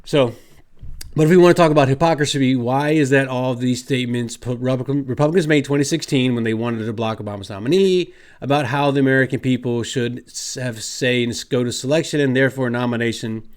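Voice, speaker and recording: A man's voice: mid-range voice, fast. Sarcastic ranting male vlogger. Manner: emphatic, argumentative. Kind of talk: opinion commentary vlog.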